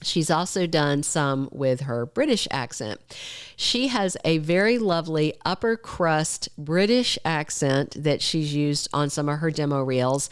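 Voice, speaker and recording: Low, smooth-voiced woman chatting soap news. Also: no room sound, clean studio sound. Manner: chatty, opinionated, direct to listeners. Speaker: podcast host. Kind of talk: soap opera news commentary.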